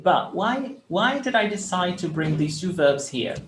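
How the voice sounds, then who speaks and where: A man's voice: high-pitched, animated, unhurried. A man teaching verbs in a live online lesson, explaining patiently and repeating examples. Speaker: Portuguese teacher. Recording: echoey room, faint background noise.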